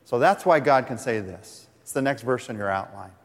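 A pastor preaching a sermon, earnest, reading scripture aloud with the congregation. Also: male voice, medium pitch, animated, moderate pace. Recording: long reverb of a large hall.

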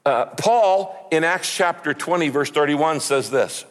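A man's voice: a little high, big pitch swings, moderate pace, hardly any pauses. A man preaching a sermon, emphatic, asking rhetorical questions and repeating words. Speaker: pastor. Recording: long hall reverb.

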